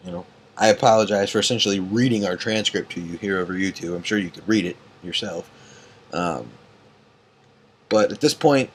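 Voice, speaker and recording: Guy ranting at 2am, sleepy, swears a lot, lots of ums, kinda low voice. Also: breathy edge. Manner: angry, profane, rambling with many fillers. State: tired and yawning. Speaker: online card game group admin. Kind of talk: late-night ranting vlog.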